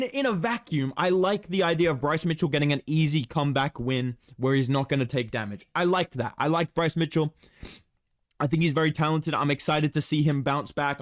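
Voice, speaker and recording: A man's voice: fairly high pitch, no room sound, clean studio sound. A man co-hosting a casual sports reaction chat, heated and profane as he rants. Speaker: podcast co-host.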